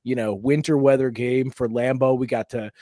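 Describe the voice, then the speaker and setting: A man's voice: medium pitch, fairly even intonation, moderate pace, mellow, no echo, studio quality. A man hosting a casual podcast chat, joking with friends, laughing often and rambling through asides. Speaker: podcast host.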